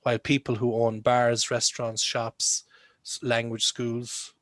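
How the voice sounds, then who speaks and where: A man's voice: mid-range voice, level tone, unhurried, a bit bright. A male English teacher leads a lesson over a video call, asking his students questions in a conversational way. The sound is dry and close, with no room echo. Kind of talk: online lesson.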